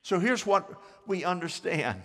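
A man's voice: sits high, sing-song, a little slow, a bit bright, big-room sound. A male pastor preaching a sermon, drawing the congregation into call-and-response with sweeping swings of voice. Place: church sanctuary.

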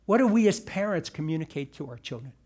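A man with a high-pitched voice delivers a sermon in a church. He speaks in a conversational way, tossing in asides, then rises and presses on the words he wants his listeners to remember. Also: very animated, fast, a little mellow, breathy edge. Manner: emphatic, rising on key words, conversational asides. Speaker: pastor. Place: church sanctuary.

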